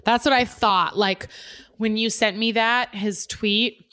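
Woman, podcast co-host, emphatic slangy chat, bright tense voice, dry sound. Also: fairly high pitch, steady tone, slow pace, no room sound. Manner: emphatic, slangy, says "like" a lot. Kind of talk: casual chat.

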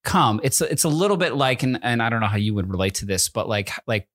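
Man, young adult, actor, podcast co-host, teary, rambling, self-interrupting, mid pitch. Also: animated, fast, a bit bright, no room sound, studio quality. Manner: rambling, self-interrupting, laughing through tears. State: teary, eyes burning. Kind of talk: casual chat.

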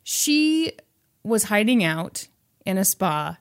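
A woman's voice: mid-range voice, sing-song, takes it slowly. A woman podcast host retelling a movie in a chatty, wry way. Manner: chatty and wry, acting out quotes. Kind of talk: casual chat retelling a movie.

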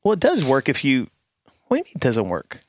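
A man's voice: mid-range voice, wildly swooping pitch, fast talker. A man hosting a casual podcast, talking in a hesitant, self-deprecating way and laughing easily. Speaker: podcast host. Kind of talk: casual chat.

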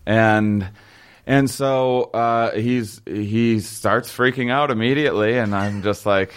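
A young man telling a long story in casual chat, halting and rambling, with many fillers and restarts. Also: on the low side, smooth.

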